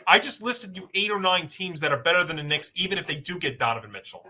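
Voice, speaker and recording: Male sports show co-host, punchy, emphatic, very bright, fairly high voice. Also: lively intonation, quick pace, a little hiss or hum. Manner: emphatic, rattles off lists. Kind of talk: sports talk debate.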